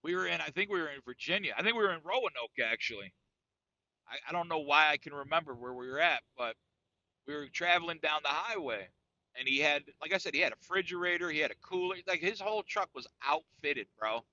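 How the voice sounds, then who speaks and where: A man's voice: on the high side, lively intonation, fast, bright, forceful tone, no room sound, highs cut off. A man from New York telling a comic story on a podcast, profane and saying "dude" after nearly every phrase. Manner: profane, says "dude" constantly. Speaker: podcast co-host. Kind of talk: casual comedic storytelling.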